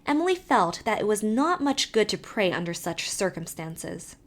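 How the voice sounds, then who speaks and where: Female audiobook narrator, measured and expressive. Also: medium pitch. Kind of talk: scripted narration.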